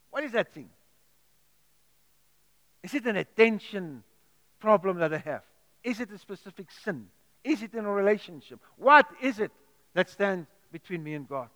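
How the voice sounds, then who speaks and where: Pastor man preaching, high voice, earnest and pleading, big echoey church hall. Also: fairly bright tone. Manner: earnest, pleading, repeats words and restarts. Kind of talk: sermon. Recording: echoey hall with long reverb.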